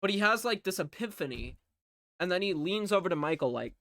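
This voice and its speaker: A man's voice: high-pitched, expressive, fairly quick, fairly bright tone, dry recording, clean studio sound. A man recapping a movie in a casual, rambling way, sarcastic and swearing freely. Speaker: movie reviewer.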